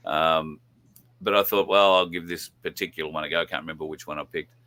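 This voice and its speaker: A man's voice: a bass voice, fairly even intonation, fast talker, pushed and bright. A man with an Australian accent hosting a casual talk show, dry and laid-back. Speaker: podcast host. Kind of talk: casual chat.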